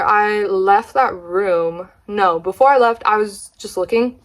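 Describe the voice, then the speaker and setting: A woman's voice: medium pitch, a little slow, hardly any pauses. A young woman vlogger chatting casually, retelling a story with slang and gossipy asides.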